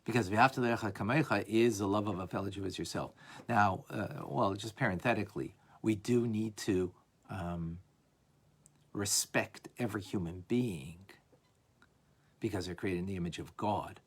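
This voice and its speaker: A man teaching a lively class on a religious text, asking "right?" often and acting out examples. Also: fairly low pitch, brisk, breathy edge. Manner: animated, playful, acts out examples, frequent "right?". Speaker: Torah teacher.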